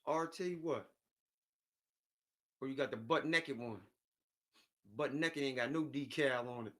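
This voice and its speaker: Unhurried and fairly bright, this man's medium-pitched voice drifts through a casual chat with viewers. He speaks in loose slang, says things more than once, jumps from topic to topic and keeps chuckling.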